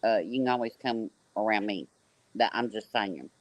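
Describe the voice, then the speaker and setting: A man's voice: fairly low pitch, normal speed. Soothing man comforting a guest. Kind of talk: live-stream panel talk.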